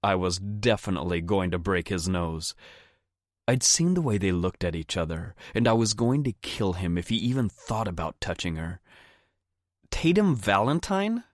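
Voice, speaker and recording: Deep-voiced brash young male narrator. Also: moderate pace, dry recording, studio quality. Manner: brash, blunt, crude. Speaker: audiobook narrator. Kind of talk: first-person audiobook narration.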